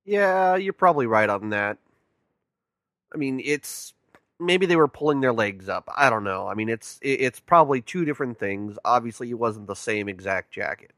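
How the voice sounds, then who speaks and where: A man's voice: mid-range voice, lively intonation, moderate pace, a bit bright, dry recording, studio quality. A man, a podcast co-host, casually recapping a movie in rambling talk full of restarts. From California. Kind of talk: casual movie-review chat.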